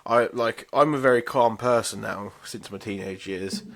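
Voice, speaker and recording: A man co-hosting a podcast, speaking in a somewhat low voice. He trades stories in laid-back, sweary casual chat. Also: normal speed, a bit bright. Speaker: podcast co-host.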